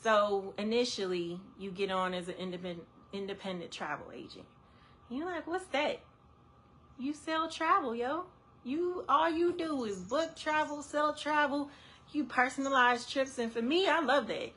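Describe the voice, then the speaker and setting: A woman's voice: on the high side, normal speed. A woman who works as an independent travel agent, chatting on a live stream to her viewers with lots of laughter. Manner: animated, laughs often, talks straight to viewers. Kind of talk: casual live-stream chat. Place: indoors under a ring light.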